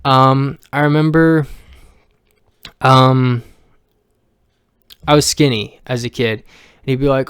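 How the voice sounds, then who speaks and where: Brief: male vlogger, raw profane rant, smooth clear voice, dry close sound. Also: mid-range voice, steady tone, takes it slowly, pauses often, a bit bright, dry recording. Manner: blunt, heavily profane, emotional venting; rambling with frequent restarts. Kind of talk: personal rant to camera.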